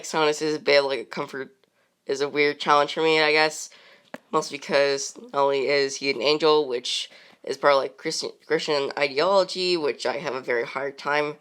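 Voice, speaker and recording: A woman's voice: sits low, fairly bright tone, clean tone. A woman chatting casually and unscripted as a channel host, rambling with many fillers and frequent laughs.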